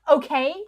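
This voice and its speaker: A young woman with a New Zealand accent, streaming a guessing game in casual commentary, jokey, swearing freely and slipping into mock rants. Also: highs cut off.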